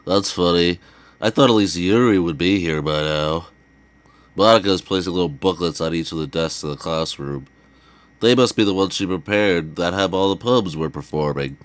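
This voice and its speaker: A man's voice: deep voice, normal speed, clean tone, lightly acted. A man reading a teenage boy's inner narration from a game in an easygoing, plain voice. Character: ordinary teenage boy narrating his day.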